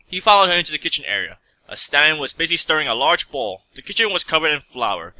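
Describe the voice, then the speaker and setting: Bright, lively man reading a story. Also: fairly high pitch, quick pace, hardly any pauses, no echo, low-quality recording. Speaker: story reader. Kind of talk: reading fan fiction aloud.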